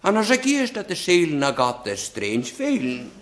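A man recites a comic poem in a lilting, storytelling rhythm, a little chuckle never far from his voice. His pitch sits somewhat high for a man. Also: wildly swooping pitch, normal speed. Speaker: performer reciting comic verse.

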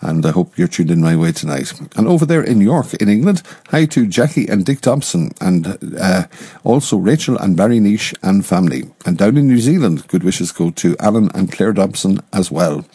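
A man presenting a radio show, reading dedications and introducing tracks in a relaxed, unhurried way with small pauses. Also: deep voice, slightly rough, no echo.

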